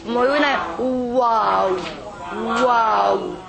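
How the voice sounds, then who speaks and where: In a very noisy classroom, a woman language teacher with a slightly high voice draws out her words, with some vocal fry. She patiently models sounds for her group of students and checks in with "okay?".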